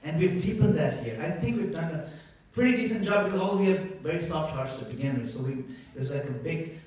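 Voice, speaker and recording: A man closes a conference with warm, playful storytelling. His voice sits a little higher than most men's. He is heard from far off in a large, very echoey hall. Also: lively intonation, brisk. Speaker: conference moderator. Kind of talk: closing remarks at a conference.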